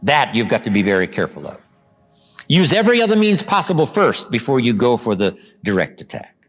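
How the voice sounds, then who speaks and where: Male motivational lecturer, mid-pitched, very lively, punches key phrases slowly. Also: soft background music. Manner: animated storytelling, acts out quoted lines; slows down and drops low for emphasis. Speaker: motivational speaker. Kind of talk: seminar lecture.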